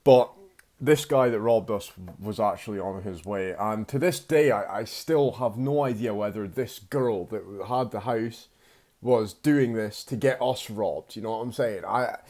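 A man's voice: on the low side, a little mellow. Rambling, swearing young man telling a story. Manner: rambling and laid-back, heavy swearing and slang. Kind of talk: casual spoken storytelling.

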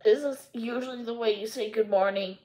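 A woman's voice: a little high, fairly even intonation, fairly quick, a little mellow, pitched above the performer's own voice, close to an everyday voice. A woman voicing a stern, strict middle-aged aunt who speaks in a clipped way. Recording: echoey room.

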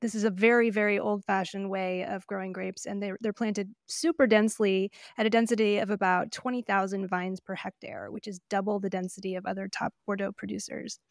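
A woman's voice: medium pitch, flat delivery, brisk, creaky, few pauses, dry recording, studio quality. A woman co-hosting a wine podcast, chatting in an opinionated, casual way with frequent fillers and laughs. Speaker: podcast co-host. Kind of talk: casual chat. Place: living in Oregon.

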